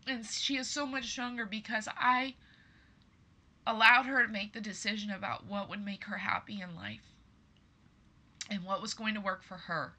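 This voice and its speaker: A woman with a bright, forceful tone gives an earnest monologue to her listeners. She speaks with emphasis and keeps calling them "you guys." She sounds like a podcast host in her thirties. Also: mid-range voice, normal speed, long pauses.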